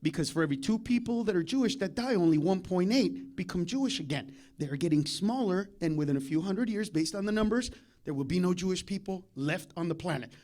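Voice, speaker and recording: A man doing a live stand-up routine in a comedy club, profane and confrontational, needling the audience and swinging from low muttering to shouting. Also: expressive, fairly quick.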